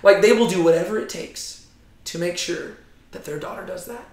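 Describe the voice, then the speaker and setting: Brief: high-pitched man leading a Bible study, chatty, lots of "like", roomy echo. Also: normal speed. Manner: animated, frequent "like" and "right?". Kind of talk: casual Bible teaching. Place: Bible study room with a group.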